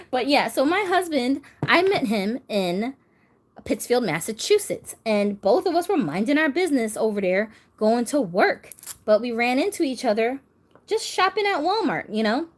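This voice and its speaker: A woman's voice: fairly high pitch, very animated, moderate pace. A woman from New York who hosts a doll channel, talking bluntly and casually to her viewers and laughing often.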